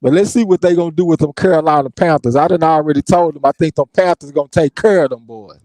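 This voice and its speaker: A man talks boxing in blunt, profane, opinionated bursts. His voice sits a little high but sounds mellow and dark. The sound is close and dry, with no room around it. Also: quick pace, no room sound, poor audio. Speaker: co-host of a boxing talk stream. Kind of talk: casual chat.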